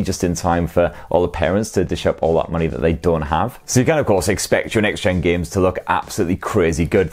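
A man's voice: sits low, a little mellow. A man from Sunderland with a Northeast English accent, hosting a casual tech Q&A with cheeky, sweary jokes. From Sunderland, North East England. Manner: cheeky, sweary, jokey asides. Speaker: tech show host. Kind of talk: casual viewer Q&A.

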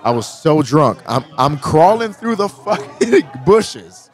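Animated, swearing man telling stories. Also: on the high side, slow. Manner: animated storyteller, swears freely, acts out quotes. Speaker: podcast co-host. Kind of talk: casual chat.

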